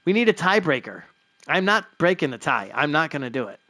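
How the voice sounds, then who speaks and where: A man streaming live, chatting his way through a baseball management game. He rambles along with plenty of fillers and quick chuckles, his voice sitting a touch high for a man. The sound is dry and close, with no room around it. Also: very animated, pushed and bright, no room sound. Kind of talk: casual live-stream commentary.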